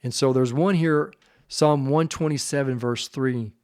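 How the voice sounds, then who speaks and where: A man hosting a podcast, talking earnestly and with deep feeling about his family and faith, at times choked up. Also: a little slow, a little mellow, smooth, dry recording, studio quality. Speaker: podcast host. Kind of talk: heartfelt faith-based podcast monologue.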